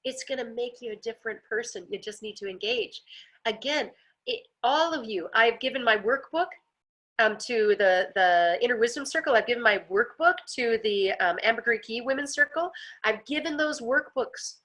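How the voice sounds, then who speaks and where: Speaking from home with a pool outside her patio, a woman gives a personal growth class to a group in a casual, earnest way. She acts out quotes and laughs often. Her voice is on the high side, a bit bright and animated, at a normal pace.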